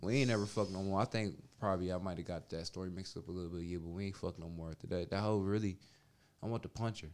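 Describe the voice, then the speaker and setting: A man's voice: sits low, steady tone, quick pace, slight background noise. Man telling a crude story, bursting into laughs. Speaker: podcast storyteller. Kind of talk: casual chat.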